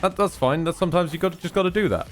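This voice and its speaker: A man's voice: sits high, racing, soft background music. A British man streaming a fighting game, chatting in a rambling, self-deprecating and sweary way. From Britain. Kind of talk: casual gaming commentary.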